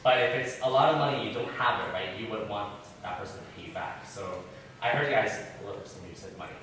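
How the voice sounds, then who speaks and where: A man's voice: fairly low pitch, fast, fairly bright tone, slight background noise. A man leading an interactive Bible class in a church room, questioning his listeners in a chatty way. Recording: very echoey room, far from mic.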